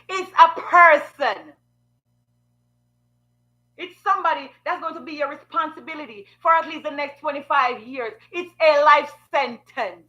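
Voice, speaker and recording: A woman gives blunt life advice in a sassy, preachy way. Her voice sits high and sounds bright and sharp. She keeps firing rhetorical questions at her listeners. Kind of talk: frank advice monologue.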